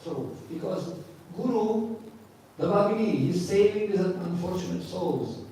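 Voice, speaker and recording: A man's voice: high voice, expressive, measured pace, mellow, slight background noise. A man giving a scripture class as a spiritual teacher, emphatic and repeating key phrases, asking and answering his own questions. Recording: echoey hall from far off.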